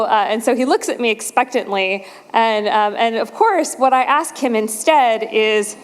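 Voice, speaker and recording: A woman speaks to a conference audience on a fairly high voice, telling her story with animation and jumping up in pitch when she acts out other people. Her voice carries a long, ringing reverb from a large hall. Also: measured pace, hardly any pauses, clear, resonant tone.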